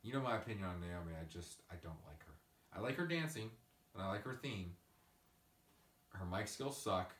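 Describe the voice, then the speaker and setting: Male podcast host, deep-ish voice, profane ranter, roomy off-mic sound. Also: a little fast, pauses often, recorded from a distance. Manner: ranting, profane, animated storytelling. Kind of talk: casual podcast chat. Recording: echoey room, away from the mic.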